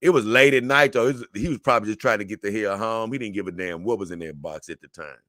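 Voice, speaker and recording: Forceful, bright-voiced man hosting a livestream. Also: lowish voice, fast talker, dry recording, studio quality. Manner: loose, animated and repetitive, with slang and frequent "man" and "brother". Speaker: livestream host reading viewer comments. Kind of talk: casual livestream chat.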